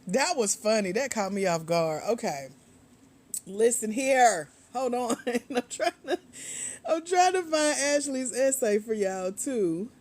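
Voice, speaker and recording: Lying in bed at home, a sleepy woman grant coach struggles against a nap while chatting casually on a tablet livestream. She reads out viewers' comments and laughs a lot. Her voice is a little high and animated, with a slow pace and a darkish tone.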